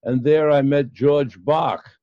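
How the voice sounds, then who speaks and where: An older man, a psychologist guest, recounting his past in an interview with many pauses and fillers. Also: fairly high pitch, steady tone, no echo. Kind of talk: storytelling in an interview. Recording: dull, dry lo-fi sound.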